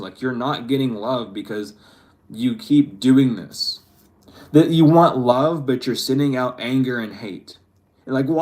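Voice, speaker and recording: A man giving a casual spiritual tarot reading to camera, chatty and slangy, often breaking into laughter. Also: mid-range voice. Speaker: tarot reader.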